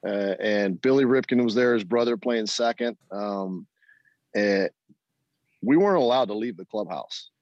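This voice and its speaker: In a muffled recording with no room sound, a middle-aged man speaks in a lowish voice, a little slowly. He's a former baseball player telling stories as an interview guest, an animated storyteller who performs the voices he quotes and laughs a lot.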